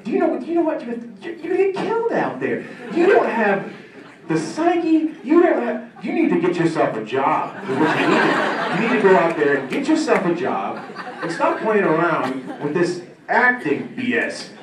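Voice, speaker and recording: A man voicing an exasperated male coach who shouts and scolds in disbelief. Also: a little high, expressive, fairly quick, a crowd in the background, pitched above the performer's own voice, close to an everyday voice. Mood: scolding. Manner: loud, scolding, incredulous. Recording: echoey room from far off, ambient noise.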